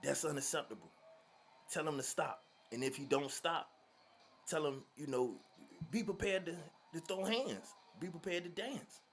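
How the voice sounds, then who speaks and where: A man quoting a blunt, tough older male mentor who urges him on gruffly. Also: medium pitch, normal speed, long pauses, close to an everyday voice. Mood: urging.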